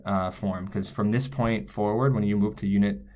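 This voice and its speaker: A man's voice: on the low side, fairly even intonation, moderate pace, dark tone. A man teaching a lesson, explaining step by step as he writes, often stopping to correct himself. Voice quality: thinking aloud, frequent self-corrections. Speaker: language teacher. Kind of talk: explaining while writing on screen.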